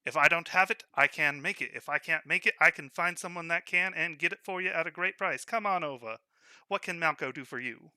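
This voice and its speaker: A man voicing a pushy, fast-talking male gnome shopkeeper with loud, boastful sales patter. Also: a little high, clean tone, no echo, clean studio sound, pitched above the performer's own voice. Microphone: online voice call.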